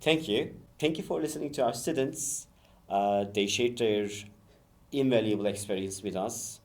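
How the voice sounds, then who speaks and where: A man's voice: mid-range voice, normal speed. A man with a Turkish accent, an English teacher hosting a casual school podcast and asking students questions one word at a time. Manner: questioning, encouraging, says each word one by one.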